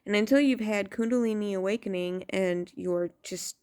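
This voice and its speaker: A woman's voice: mid-range voice, normal speed, clean tone. A woman tarot vlogger on a casual, profane rant, blunt and exasperated. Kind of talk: casual ranting monologue.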